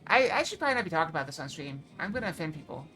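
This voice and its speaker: Bright, chatty woman with slight Southern lilt. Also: low-pitched, big pitch swings, very fast, a little hiss or hum. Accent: slight American Southern. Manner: chatty and playful, frequent fillers, teasing the chat. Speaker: streamer. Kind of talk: casual live-stream chat while gaming.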